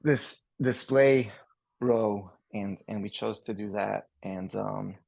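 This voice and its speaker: A man in his forties with a French Canadian accent, a guest chatting casually on a podcast in a rambling, relaxed way. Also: lowish voice, slow, vocal fry, no room sound. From Canada, Montreal. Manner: rambling and relaxed, many fillers and restarts.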